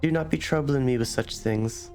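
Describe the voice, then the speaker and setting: A man's voice: mid-range voice, normal speed, faint music behind, lightly acted. A man voicing an anxious middle-aged woman who speaks hesitantly in an old-fashioned dialect. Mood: worried. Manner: hushed, hesitant, rough old-world dialect.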